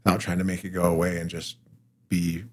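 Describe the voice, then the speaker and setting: A man working as a performance and mental health coach, explaining ideas calmly and steadily in an interview. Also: sits low. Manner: calm, measured explaining. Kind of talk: interview guest conversation. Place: podcast studio room.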